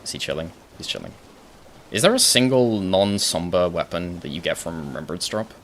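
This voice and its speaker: A young man with a British accent and a low voice that drops into gravelly fry, rambling through a gaming stream. He thinks aloud, answers his chat and swears offhandedly. A faint hum of room noise sits behind him. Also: lively intonation, moderate pace, a bit bright. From Britain. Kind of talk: casual live-stream chat while gaming.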